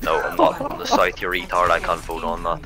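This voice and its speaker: Fast, very deep, abusive man. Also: flat delivery. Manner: abusive, insulting, rapid-fire. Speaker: online game player. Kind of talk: hostile in-game voice chat.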